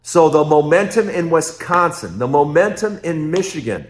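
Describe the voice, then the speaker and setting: A man hosting his own political commentary show, talking emphatically and repeating phrases in quick rhetorical bursts. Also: fairly high pitch, expressive, roomy sound.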